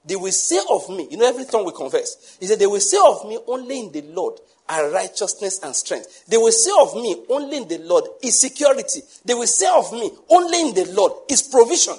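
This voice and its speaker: A man preaching a sermon to a congregation, lively, acting out the people he quotes and laughing often. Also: high voice, fairly quick, few pauses, breathy edge. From Nigeria. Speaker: pastor.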